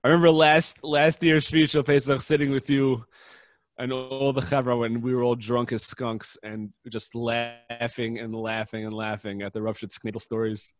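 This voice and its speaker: A man co-hosting a podcast, chatting casually in a quick, joking way. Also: mid-range voice, flat delivery, no room sound, clean studio sound. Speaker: podcast co-host. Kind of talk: casual chat.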